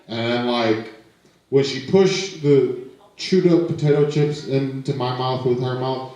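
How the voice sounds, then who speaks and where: A young man doing stand-up storytelling in an art gallery, laid-back and deadpan, swearing freely. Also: medium pitch, heavy reverb, distant mic, poor audio. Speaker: stand-up comic.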